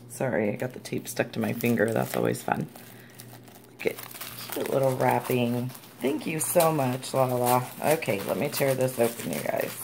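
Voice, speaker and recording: A low-pitched woman with a gravelly edge to her voice, chatting through a casual unboxing vlog. She gushes and chats warmly at the camera while sounding tired, with a faint hiss behind her. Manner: gushing and chatty, squeals and laughs often. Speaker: crafting vlogger.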